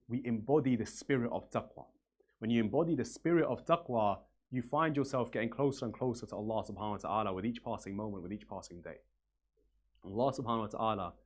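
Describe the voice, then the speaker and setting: A man preaching from the pulpit, telling stories and repeating phrases for emphasis in an earnest way. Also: medium pitch. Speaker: religious speaker. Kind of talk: sermon storytelling.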